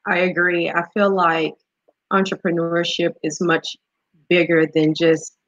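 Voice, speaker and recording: A woman's voice: fairly low pitch, level tone, a little slow, a bit bright, no room sound, lo-fi sound. A woman hosting an interview, asking questions and sharing her views in an encouraging, conversational way. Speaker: interview host. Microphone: video call.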